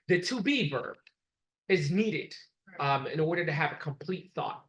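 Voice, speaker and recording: A man's voice: on the high side, animated, a little slow, a bit bright, rough recording. A man giving a classroom lecture, explaining step by step and repeating examples so the class can follow.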